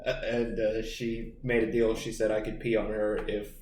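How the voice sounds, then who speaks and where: A man's voice: fairly low pitch, little pitch movement, moderate pace, echoey room, recorded from a distance, background noise. A man co-hosting a crude podcast, telling rambling stories full of fillers and restarts. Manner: rambling, filler-heavy storytelling. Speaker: podcast co-host. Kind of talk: crude casual chat.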